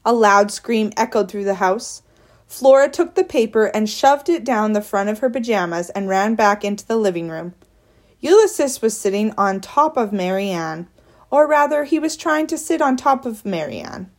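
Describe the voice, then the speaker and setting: A woman narrating a children's novel aloud in a clear, steady storytelling voice. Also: medium pitch, moderate pace. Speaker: audiobook narrator.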